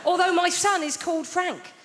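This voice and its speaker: A woman's voice: extremely high pitch, moderate pace. A woman in her forties doing a stand-up routine on a theatre stage, telling stories in a dry, conversational way. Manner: dry, conversational storytelling with mock voices. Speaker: stand-up comedian. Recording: theatre reverb, audible background noise.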